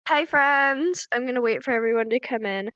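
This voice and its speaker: A woman's voice: a little high, normal speed, clean tone, no room sound. A woman sounding stuffed up from allergies, hosting a live virtual class and patiently giving casual instructions. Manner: friendly, patient, calls out names one by one. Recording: muffled lo-fi mic, dry.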